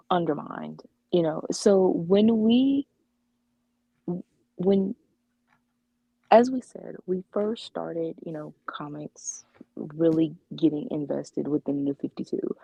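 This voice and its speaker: A woman's voice: low-pitched, creaky, mellow, no room sound, highs cut off. A woman co-hosting a casual comics podcast, talking in a rambling way with many fillers and restarts. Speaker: podcast co-host. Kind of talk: casual chat about comics.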